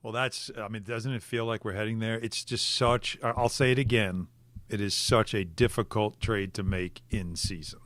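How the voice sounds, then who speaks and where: A man's voice: fairly low pitch, steady tone, a bit bright, no room sound. A man co-hosting a sports radio show, chatting casually and reacting to his co-hosts. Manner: conversational, quick reactions, laughs along.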